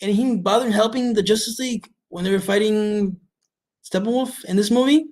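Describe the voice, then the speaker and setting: A man's voice: high-pitched, fairly quick, darkish tone. A man giving a casual film review, blunt, exasperated and full of swearing. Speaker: movie reviewer.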